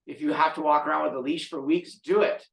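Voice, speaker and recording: Man, dog trainer, podcast monologue; somewhat raised pitch, emphatic delivery with repeated words, roomy echo. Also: fairly even intonation, brisk, creaky, a bit bright.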